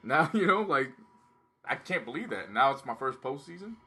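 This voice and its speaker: A man co-hosting a podcast, chatting casually with relaxed, upbeat banter. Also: medium pitch, moderate pace, slightly rough. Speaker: podcast co-host.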